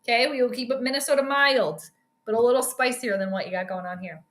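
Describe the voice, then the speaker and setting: A woman's voice: on the high side, quick pace, fairly bright tone, reverberant. A woman hosting a sports live stream, chatting casually and joking with a co-viewer as she comments on the game.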